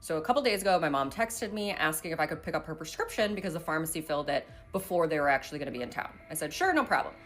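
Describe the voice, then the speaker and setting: A woman telling a casual story in an animated way, acting out the voices she quotes. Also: low-pitched, very fast, few pauses, soft background music. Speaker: social media storyteller.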